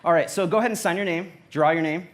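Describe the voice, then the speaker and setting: A man's voice: sits high, quick pace, slight background noise. A young adult man giving a playful, anecdotal testimony to a church audience. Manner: playful, anecdotal, acts out quotes. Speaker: church speaker. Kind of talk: humorous personal testimony on stage. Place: church auditorium.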